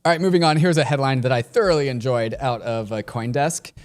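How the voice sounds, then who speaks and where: A man's voice: mid-range voice, a little fast. Chatty man co-hosting a podcast. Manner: chatty, lots of "like" fillers. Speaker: podcast co-host. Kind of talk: casual chat.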